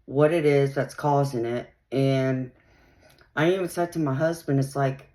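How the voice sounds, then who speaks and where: A woman's voice: a bass voice, fairly even intonation, a little slow, dark tone. A woman hosting her own channel, casually telling a personal story in a rambling way, filled with "um" and "you know". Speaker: channel host.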